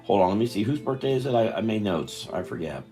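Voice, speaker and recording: An older man chats on a live stream while he draws, sounding tired, meandering and interrupting himself. His voice is fairly low and dark with big pitch swings, he talks quickly, and faint music plays behind him.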